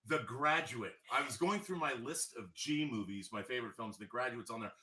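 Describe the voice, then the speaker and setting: A man's voice: mid-range voice, moderate pace, rough recording. A man hosting a casual interview, playfully wry, jumping in with eager follow-up questions. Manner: playfully wry, jumps in with excited follow-ups. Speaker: host, interviewer.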